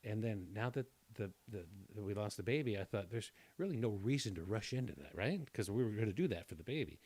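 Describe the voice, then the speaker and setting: A man telling a long personal story in casual chat, rambling and self-deprecating, often clearing his throat. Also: fairly low pitch, darkish tone.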